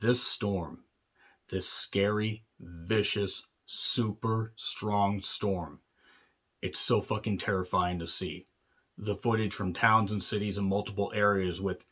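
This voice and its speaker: A man's voice: lowish voice, a bit bright, muffled recording. A man giving a blunt, sarcastic spoken review of a wrestling show, swearing freely and breaking into goofy voices. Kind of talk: casual spoken review with profanity.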